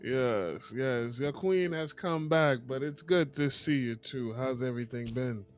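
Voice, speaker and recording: Here is a returning elf queen with a Jamaican lilt, proud and stately, as a man puts her on at the game table. She speaks at an unhurried, measured pace. Her voice sits in an ordinary middle range. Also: medium pitch, faint music behind, lightly acted. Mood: warm regal.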